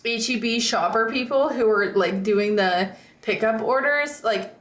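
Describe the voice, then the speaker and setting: A woman's voice: on the high side, a little slow, fairly bright tone, reverberant. A woman streamer in casual chat with viewers, rambling and reading chat aloud.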